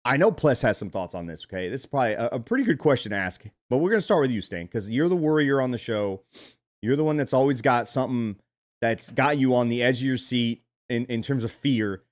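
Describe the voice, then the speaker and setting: A man's voice: mid-range voice, expressive, fairly quick. A man hosting a sports podcast, teasing his co-hosts in casual banter and steering the talk. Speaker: podcast host.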